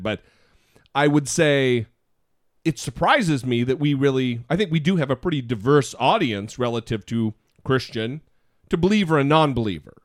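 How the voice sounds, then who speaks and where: Animated, self-mocking male podcast host. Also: mid-range voice, no echo, clean studio sound. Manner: animated, self-deprecating, rambling. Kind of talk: casual podcast chat.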